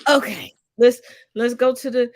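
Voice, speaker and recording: A woman co-host ranting in casual podcast chat, blunt and full of profanity. Her voice sits a touch high for a woman. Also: steady tone, unhurried, dry recording, clean studio sound.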